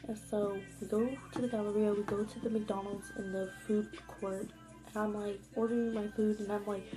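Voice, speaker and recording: A woman's voice: mid-range voice, little pitch movement, moderate pace, poor audio. Young woman vlogging a storytime, says like every other word, swears a lot, music playing behind her. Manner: rambling, heavy "like" filler, frequent swearing. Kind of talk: casual storytime. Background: background music.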